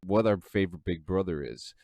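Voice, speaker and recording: Man co-hosting a casual podcast, chatty and easygoing, lowish voice, dry mic. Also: animated, brisk, darkish tone, dry recording. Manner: laid-back, chatty, many fillers. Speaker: podcast co-host.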